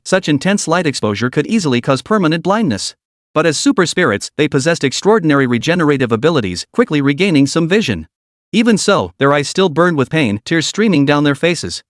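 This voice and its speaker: Guy reading a novel out loud, steady and even, bouncy pitch, dead dry sound. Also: no echo. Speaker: audiobook narrator. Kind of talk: scripted narration.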